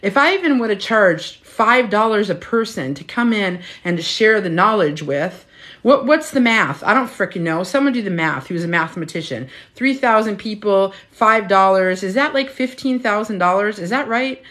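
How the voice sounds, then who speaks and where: This is a woman in her fifties, a menopause health coach, talking frankly on her phone at home during a casual live-stream chat and swearing freely. Her voice is medium-pitched, expressive, and fairly bright, at a normal speed.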